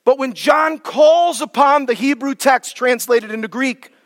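A man preaching a sermon as pastor, emphatic, drawing key words out slowly for weight. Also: very high voice, fairly bright tone. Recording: long reverb of a large hall.

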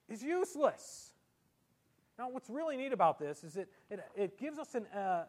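A man preaching from the pulpit with a high voice for his sex. He is lively and theatrical, dropping into comic voices and leaning hard on sarcastic emphasis to drive each point home. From Italian heritage. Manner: animated, with comic voices and exaggerated sarcastic delivery. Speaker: pastor. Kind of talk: sermon. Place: church.

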